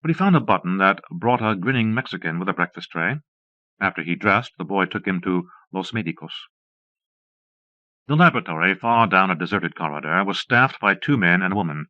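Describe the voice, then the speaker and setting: A man narrating an audiobook with a steady, measured delivery. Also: low-pitched, dry recording. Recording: dull dry cassette audiobook.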